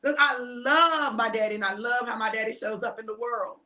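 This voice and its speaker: Middle-aged woman preacher, slightly high voice, emphatic, speaks straight to her viewers. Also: steady tone, brisk. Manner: shouting and emphatic, then reflective and personal. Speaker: preacher and host. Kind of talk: informal sermon to an online audience.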